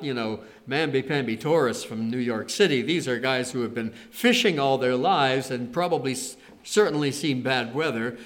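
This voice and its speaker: A man giving a conversational sermon, retelling scripture stories with animated quoted lines. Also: mid-range voice. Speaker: preacher.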